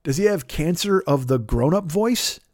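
A male podcast host talks in a loose, rambling way, swearing often and cutting himself off mid-thought. His voice sits a little high for a man. The sound is dry and close, with no room echo. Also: animated, normal speed, a little mellow. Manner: rambling, profane, self-interrupting. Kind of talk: casual podcast monologue, sponsor plug.

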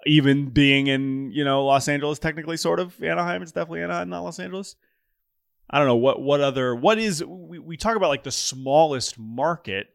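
This baseball podcast co-host has a fairly high, gravelly voice and talks fairly quickly. His casual chat is jokey, with listener emails read aloud and many restarted sentences, captured in studio quality with no echo.

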